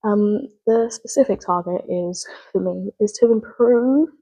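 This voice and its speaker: A young woman reflects on camera in an earnest, rambling way, often stopping to correct herself. Her voice is soft and breathy at a middling pitch. It sounds like a casual student video diary. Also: a little slow, poor audio. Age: young adult. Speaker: drama student. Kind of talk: spoken reflective video log.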